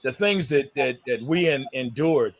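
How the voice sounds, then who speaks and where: Animated New storyteller man. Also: medium pitch, unhurried. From New York. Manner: animated storyteller, laughs often. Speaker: guest. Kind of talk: casual podcast chat.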